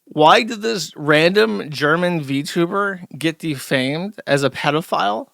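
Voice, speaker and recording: A man's voice: on the high side, measured pace, creaky, a bit bright, no echo, clean studio sound. A male host giving a rambling, sarcastic livestream commentary with frequent restarts.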